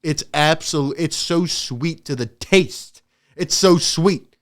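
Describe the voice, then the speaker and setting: High, clear-voiced excitable man. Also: slow pace. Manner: emphatic, excitable, laughs often. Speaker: sports channel host. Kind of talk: sports commentary rant.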